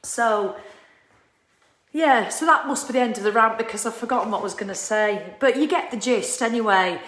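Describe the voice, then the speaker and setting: A woman giving a casual, animated motivational talk, ranting and swearing freely and laughing at herself. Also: a little high, normal speed, reverberant. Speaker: motivational vlogger.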